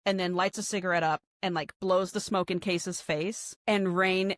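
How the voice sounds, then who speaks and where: A woman with a fairly low voice recaps a novel in casual podcast chat, acting out the characters' lines with plenty of swearing. The sound is dry and close, with no room around her. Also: steady tone, normal speed, no echo. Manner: chatty storyteller, acts out quotes, swears freely. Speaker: podcast co-host.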